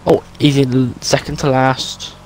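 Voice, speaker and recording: A man's voice: mid-range voice, flat delivery, unhurried, slight background noise, rough recording. A man teasing his friend over voice chat while they play a racing game, slipping into mock sports commentary. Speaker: gaming friend. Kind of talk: casual gaming banter.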